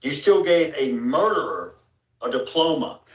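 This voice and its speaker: A man's voice: sing-song, unhurried. A father speaking angrily to school officials, bitter and accusing, heard from a distance in a large meeting hall. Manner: bitter, accusing, low and heavy delivery. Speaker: father addressing a school board. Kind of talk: angry public speech. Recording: echoey room picked up from a distance.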